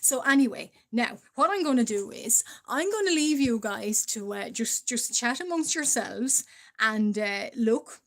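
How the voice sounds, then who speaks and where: A woman's voice: fairly high pitch, lively intonation, a little slow. Stuffy Irish woman chatting on stream. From Ireland. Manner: chatty, greets viewers, frequent fillers and laughs. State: stuffy from allergies, coughing. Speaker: live-stream artist. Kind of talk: casual live-stream chat while drawing.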